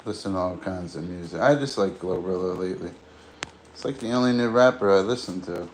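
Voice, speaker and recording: A man's voice: deep voice, a little fast, noisy background. A tired man hosting a livestream, chatting casually and drifting between topics, with slang and free swearing. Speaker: livestream host. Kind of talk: casual rambling chat.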